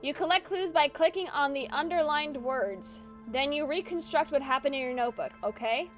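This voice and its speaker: A woman's voice: sits high, moderate pace, faint music behind. A woman streamer giving chatty, casual gaming commentary, giggling often and swearing casually.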